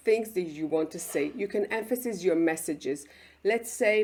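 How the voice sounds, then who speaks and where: Israeli-accented woman, Hebrew native, mid-pitched speaking coach, emphatic and demonstrative, keeps checking "okay?" Recorded on a close webcam mic. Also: lively intonation, a little fast, darkish tone. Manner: emphatic, frequent "okay?" check-ins, acts out examples. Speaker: public speaking mentor. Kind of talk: online lesson to camera.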